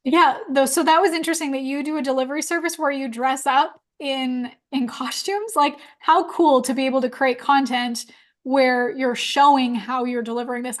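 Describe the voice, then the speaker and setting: High-voiced chatty woman hosting a webinar. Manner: chatty, upbeat, quotes clients in voices. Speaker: webinar host. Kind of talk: live Q&A webinar.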